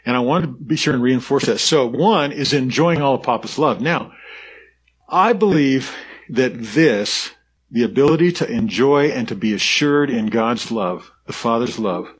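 A man's voice: medium pitch, expressive, moderate pace, slightly rough. A man pastor giving an earnest, conversational sermon, often restarting his sentences. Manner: conversational and earnest, with frequent restarts and soft laughs.

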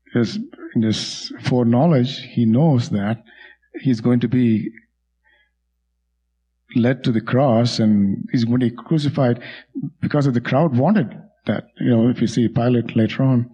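A man's voice: medium pitch, unhurried, mellow, slightly rough, dull audio. A man in an online Bible study group, earnestly reflecting and quoting scripture over a video call. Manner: earnest, quotes scripture at length.

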